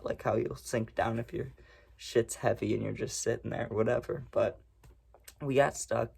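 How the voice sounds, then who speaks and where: A man's voice: mid-range voice, creaky, a little mellow, husky. A young man casually telling a rambling, profane story to his viewers. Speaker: storytime vlogger.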